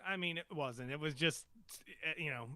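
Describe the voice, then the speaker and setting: A man's voice: fairly high pitch, normal speed, bright, forceful tone, no room sound. A man co-hosting a podcast, musing about a TV episode in casual chat with a hesitant, speculative manner. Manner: hesitant, many fillers and restarts, speculative. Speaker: podcast co-host.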